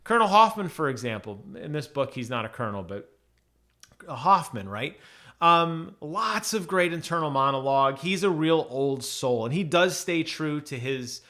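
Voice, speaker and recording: A man's voice: on the high side, bright, forceful tone. A man casually reviewing an audiobook on his channel, chatty, with many ums and restarts.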